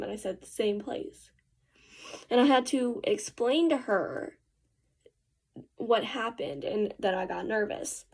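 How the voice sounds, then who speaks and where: A teenage girl tells a rambling story in casual vlog style while doing her makeup. She talks in a fairly high voice and drops slangy asides as she goes. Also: a little slow. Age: teens. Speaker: vlogger.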